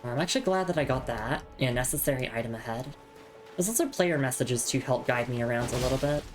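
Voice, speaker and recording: Woman streamer, very deep voice, relaxed chatty commentary over soft game music. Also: quick pace. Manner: chatty, reads item text aloud. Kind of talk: casual gameplay commentary.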